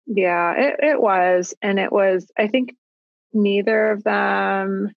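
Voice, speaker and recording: A woman in her thirties, a parent talking about her family in a casual conversation, thoughtful and halting, with frequent restarts. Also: mid-range voice, fairly even intonation, creaky, no room sound, dull audio. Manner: reflective, halting with restarts and likes. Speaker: guest parent.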